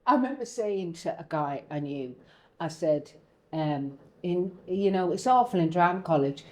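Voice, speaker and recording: A woman's voice: fairly low pitch, expressive, normal speed, darkish tone. A middle-aged woman co-hosting a casual chat, who tells candid stories, swears freely and acts out the people she quotes. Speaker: co-host.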